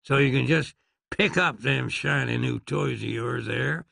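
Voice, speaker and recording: A stern older frontier marshal with a slow, dry drawl, as a man narrating a storybook plays him. The voice is gravelly and intimate, close to the mic in a dead, dry space. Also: mid-range voice, sharp tone, no room sound, heavily acted. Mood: menacing drawl.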